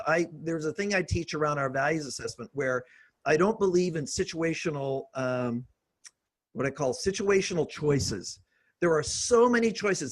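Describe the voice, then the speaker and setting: Husky middle-aged man explaining ideas. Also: a little high. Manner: steady, explanatory, asks rhetorical questions. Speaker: guest author and leadership coach. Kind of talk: conversational interview.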